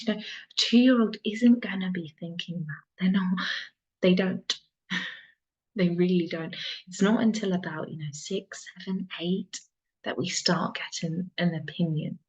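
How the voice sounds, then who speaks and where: A woman mentor talking in an earnest, reflective monologue, soft-spoken and repeating phrases for emphasis. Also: lowish voice, measured pace. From England. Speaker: soul mentor. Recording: dull lo-fi sound.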